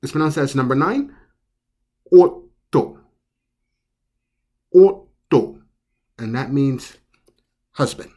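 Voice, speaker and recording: A channel host giving a slow pronunciation lesson, explaining step by step and repeating each word several times with care. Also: mid-range voice, expressive. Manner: explains step by step in plain words. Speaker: language teacher.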